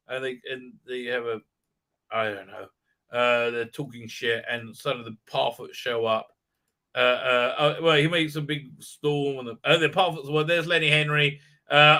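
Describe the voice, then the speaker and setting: A man's voice: medium pitch, fairly even intonation, normal speed, bright, forceful tone, clean tone. A man ranting through a profane, mocking recap on a live stream, stammering over fillers and mimicking characters. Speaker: show host recapping a series.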